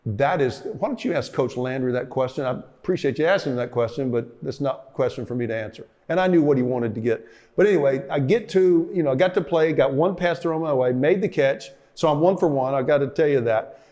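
Man telling old stories, halting. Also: medium pitch, darkish tone. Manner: rambling, with frequent fillers and restarts. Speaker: interviewee, former football player. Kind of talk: reflective storytelling interview.

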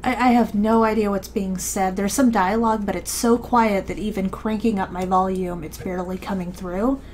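A woman's voice: mid-range voice, steady tone, moderate pace, a little mellow, slight background noise. A woman hosting a let's play, commenting casually on a game with many fillers and restarts.

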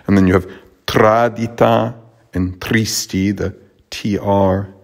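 A man teaching a Latin poem, explaining its sounds and meter in a halting way with frequent pauses and restarts. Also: fairly low pitch, steady tone, creaky. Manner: halting, with many fillers and restarts. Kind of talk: explanatory lesson on poetry.

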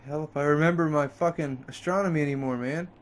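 A man's voice: fairly even intonation, fast. A man playing a video game and commenting on it, frustrated and swearing a lot, his voice jumping up when he snaps. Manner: frustrated, heavy swearing, pitch jumps up in outbursts. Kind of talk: let's play commentary.

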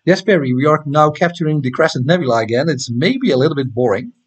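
A man's voice: a little high, lively intonation, quick pace, husky. A man with a Dutch accent hosting an astronomy livestream, chatting casually and reading viewer comments with many hesitant ums and restarts. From Netherlands.

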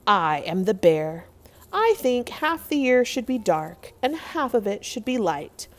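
A woman voicing a gruff, lazy bear. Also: fairly high pitch, very animated, measured pace. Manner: gruff, growling, bossy. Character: big fat lazy gruff male bear. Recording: long hall reverb.

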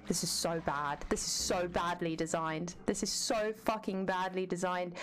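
A woman's voice: lowish voice, normal speed, few pauses. A woman streaming a game, chatting casually, answering chat and swearing freely. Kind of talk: casual live-stream chat while gaming.

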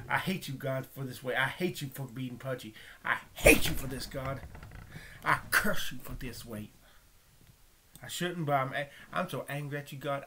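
A man praying aloud in a halting, pleading monologue, often breaking off and restarting, dropping to a hush at times. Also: medium pitch, slight background noise. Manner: drops to a hushed whisper at times. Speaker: vlogger. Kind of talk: spoken prayer monologue.

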